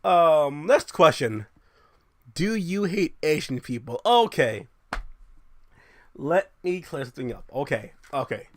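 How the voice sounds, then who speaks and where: A young man hosting his own show, ranting in a brash, profane, animated way. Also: a little high, slow, long pauses, no echo. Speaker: show host. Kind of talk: casual ranting monologue.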